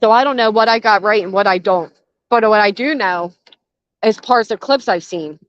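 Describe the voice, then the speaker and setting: This is an older woman's reaction commentary, delivered outdoors near a garden fence in a blunt, sarcastic style full of cursing. Her pitch is medium and her speed normal. The audio is dry, dull and lo-fi.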